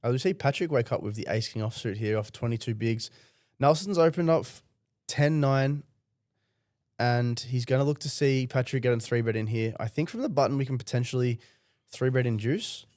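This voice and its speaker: A man with a mid-range voice talks through poker strategy in a relaxed, analytical way. His voice is close and dry, with no echo. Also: medium pitch, moderate pace. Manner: analytical, casual, explains plays. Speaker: poker commentator. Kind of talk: live poker strategy commentary. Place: commentary booth.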